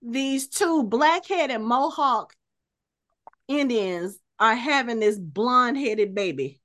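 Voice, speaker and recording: A woman's voice: fairly high pitch, slow pace, no echo. A woman co-hosting a podcast, casually recapping a TV episode and acting out the characters' lines as she retells scenes. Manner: animated retelling, acts out quoted dialogue. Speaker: podcast co-host.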